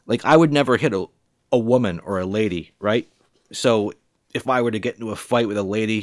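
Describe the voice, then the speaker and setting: A man's voice: fairly low pitch, no room sound, studio quality. A man in his forties from New England, delivering a heated, profane and rambling monologue. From New England, USA. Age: 40s. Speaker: vlogger.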